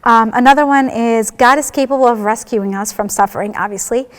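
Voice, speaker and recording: A woman's voice: on the high side, a little fast. Heartfelt woman in an echoing hall. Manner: candid and heartfelt, many fillers like "like" and "you know". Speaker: church member sharing testimony. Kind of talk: personal faith testimony, conversational. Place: church hall. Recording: long reverb of a large hall.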